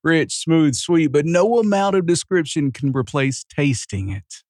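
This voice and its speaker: A man's voice: on the high side, animated, measured pace, a little mellow, no echo, studio quality. A man co-hosting a radio talk show, laughing along and reading out sermon notes and listener questions. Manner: laughs often, plays along. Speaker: radio co-host.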